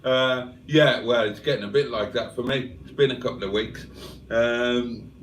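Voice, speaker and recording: A man's voice: mid-range voice, steady tone, normal speed, echoey room, slight background noise. A man hosting a livestream, reading viewer comments aloud in a casual, chatty way and chuckling often. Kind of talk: casual chat.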